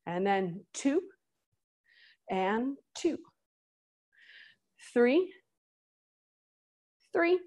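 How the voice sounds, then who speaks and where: A woman's voice: on the high side, breathy edge. A woman in her thirties leading a workout class, counting reps and cheering people on. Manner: counts reps slowly with upbeat encouragement. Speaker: fitness instructor.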